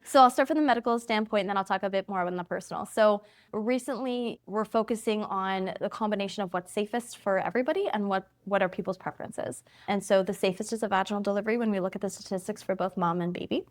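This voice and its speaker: Woman, thirties, physician guest; brisk, explanatory, easy laugh. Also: medium pitch. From Canada. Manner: explanatory, fast, laughs easily. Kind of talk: interview conversation.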